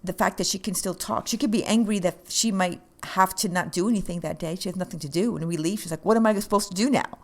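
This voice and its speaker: A woman's voice: fairly low pitch, quick pace, hardly any pauses. A woman co-hosting a podcast, talking in an earnest, encouraging coaching way. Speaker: podcast co-host. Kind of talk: casual chat.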